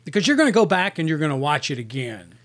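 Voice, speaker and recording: A man's voice: on the high side, very animated, quick pace. A man co-hosting a casual movie review podcast, telling rambling, self-interrupting stories and stating firm opinions.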